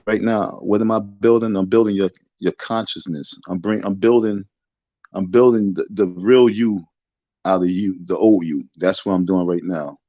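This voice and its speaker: Low-voiced man lecturing over a phone. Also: steady tone, normal speed, dark tone, no echo, muffled recording. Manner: repetitive, defiant, sermon-like lecturing. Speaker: livestream host. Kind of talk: casual preachy livestream rant. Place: bedroom in the dark.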